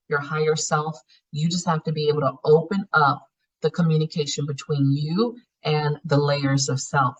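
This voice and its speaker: A woman with a low, breathy voice facilitates a spiritual healing class, talking in a frank, casual teaching style. She swears offhandedly and acts out the private thoughts of others, all captured on a muffled, lo-fi class recording.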